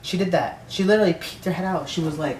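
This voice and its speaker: A man's voice: high voice, fast, a little hiss or hum. Man, casual storytime rant, profane, rambling, echoey room, distant mic. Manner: rambling, profane, full of "like" and restarts. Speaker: vlogger telling a story.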